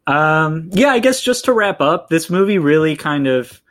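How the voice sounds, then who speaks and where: A man's voice: fairly high pitch, animated, normal speed, fairly bright tone. A man co-hosting a podcast, casually talking through a film with many fillers. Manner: rambling, heavy with fillers like "like" and "you know". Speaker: podcast co-host.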